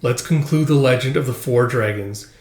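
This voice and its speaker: A man voicing a weary immortal young man who longs for death, reading his lines in a quiet, resigned way. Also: medium pitch, moderate pace, close to an everyday voice. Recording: roomy echo.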